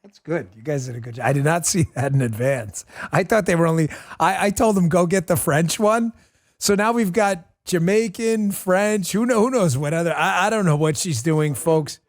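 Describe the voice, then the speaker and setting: A man's voice: on the high side, moderate pace. A middle-aged man hosting a political talk show, delivering a combative, mocking commentary monologue with heavy emphasis.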